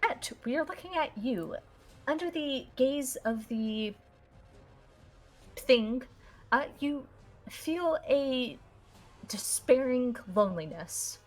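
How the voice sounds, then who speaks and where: A woman narrating as game master of a tabletop game, describing scenes in an unhurried way. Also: high-pitched, lively intonation, faint music behind. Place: online stream.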